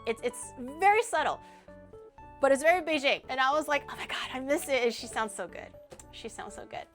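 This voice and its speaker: A woman VTuber streaming in casual, animated chat, joking at her own expense and laughing often, from a home mic setup. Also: sits high, a little fast, faint music behind.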